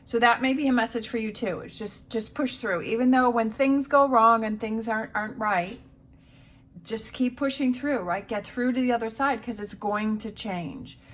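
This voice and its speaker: A woman's voice: a little high, moderate pace. Encouraging woman giving a tarot reading. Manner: encouraging, repetitive, reassuring. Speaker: tarot reader.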